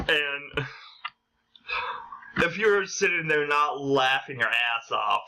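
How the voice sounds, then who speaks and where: A man's voice: on the high side, slow pace, long pauses, low-quality recording. A young adult man telling funny personal stories in a casual vlog, acting out quotes with a raised voice. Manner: animated, acts out quotes in a raised voice. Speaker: vlogger.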